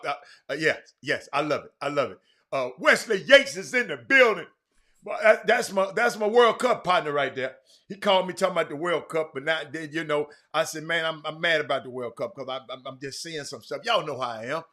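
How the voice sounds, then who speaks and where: A man hosting a casual live-stream sports talk show, chatting loosely and greeting viewers by name. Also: a little high. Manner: chatty, shouting out viewers by name, many restarts.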